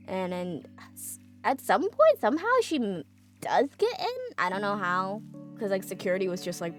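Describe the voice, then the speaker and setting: A woman's voice: mid-range voice, animated, moderate pace, soft background music. A woman streamer casually recapping a story, chatty, with many fillers and laughs.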